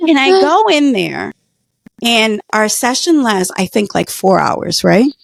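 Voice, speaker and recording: A woman's voice: medium pitch, sing-song, a little slow, creaky, no echo, studio quality. Earnest woman telling her story. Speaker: guest, former patient. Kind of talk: personal story in conversation.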